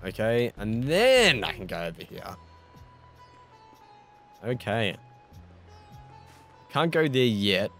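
A man's voice: on the low side, sing-song, slow pace, long pauses, fairly bright tone, soft background music. An Australian man giving casual, self-mocking commentary as he plays a video game, swearing mildly and laughing at his own mistakes. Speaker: gaming YouTuber. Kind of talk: casual let's-play commentary.

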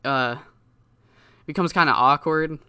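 A man's voice: a little high, measured pace, sharp tone, clean tone, dry recording, clean studio sound. A man giving casual, rambling commentary on a wrestling game, swearing often. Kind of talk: casual let's-play commentary.

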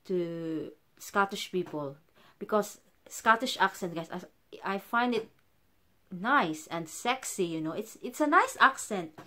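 Chatty woman vlogger, lowish voice. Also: fairly bright tone. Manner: chatty, keeps calling viewers "guys"; halting, frequent restarts. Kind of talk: casual chat to camera.

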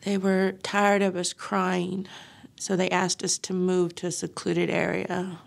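A middle-aged woman speaking haltingly as she recounts her loss in a personal testimony, often pausing and using fillers. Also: on the low side, completely flat delivery, vocal fry. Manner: halting, grief-stricken, frequent fillers. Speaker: grieving mother interviewee.

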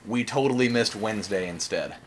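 A man's voice: fairly low pitch, fairly quick, slight background noise. A young man hosting a let's-play, rambling and joking in casual commentary, swearing and saying "like" a lot. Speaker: gaming channel host.

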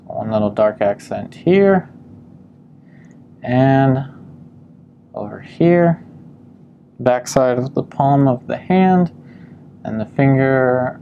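Man, painting instructor, relaxed demo narration, soft fry in the voice. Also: medium pitch, slow pace, long pauses, highs cut off, slight background noise. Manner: calm step-by-step explaining with frequent ums.

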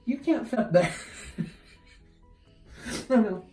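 A young man vlogging at home, talking to camera in an excitable way, laughing and yelping as he goes. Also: high voice, slow, soft background music. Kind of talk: casual chat to camera. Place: bathroom at home. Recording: echoey bathroom.

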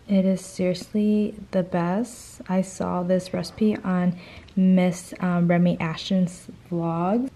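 A woman's voice: mid-range voice, darkish tone, slight background noise. Chatty young woman vlogging at home. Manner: chatty, peppered with "like" fillers; upbeat and gushing. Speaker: lifestyle vlogger. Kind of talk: casual vlog chat to camera.

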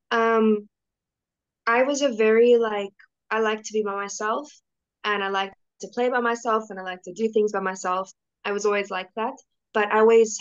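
A woman's voice: mid-range voice, muffled recording. Young woman chatting hesitantly on a call. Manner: hesitant, many restarts and fillers. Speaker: interview guest. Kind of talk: casual video-call conversation.

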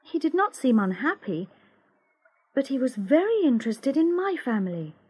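A woman narrating a graded-reader story for English learners in a slow, clear, expressive way. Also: sits high. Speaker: audiobook narrator.

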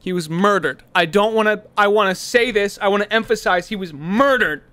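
A man's voice: high-pitched, fairly quick, bright, forceful tone, dry recording. A man in a game role-play, giving a melodramatic, mock-solemn eulogy. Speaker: streamer playing a slime character.

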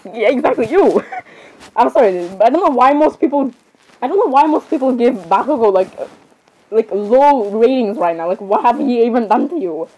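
A teenage girl chatters through casual reaction commentary, apologizing again and again between giggles. Her voice sits fairly high but sounds mellow and soft rather than bright. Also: lively intonation, moderate pace, breathy edge, low-quality recording. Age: teens.

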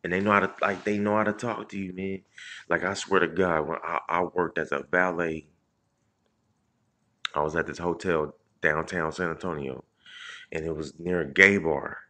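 Very deep-voiced man telling a loose story. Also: steady tone, moderate pace. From Indianapolis, Indiana. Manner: loose, profane street storytelling with many restarts and shout-outs. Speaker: comedian livestream host. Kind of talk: casual storytelling on a live stream.

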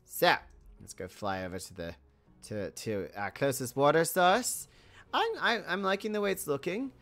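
A woman's voice: low-pitched, expressive, moderate pace, a bit bright, soft background music. A woman hosting a building video, chatting casually and thinking aloud, with frequent small laughs. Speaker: host.

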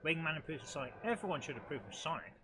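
A man's voice: a little high, sing-song, rapid-fire, background noise. Chatty man playing a game. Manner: chatty, self-deprecating, talks to the game. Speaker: host of a retro gaming channel. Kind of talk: live let's-play commentary.

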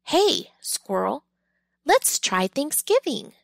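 A woman putting on a cheerful little stray dog girl, bouncy and eager, her calls leaping up high and swooping all over. The voice sits bright and lively in a storybook reading, slowly paced. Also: vocal fry, no room sound, full character voice, low-quality recording.

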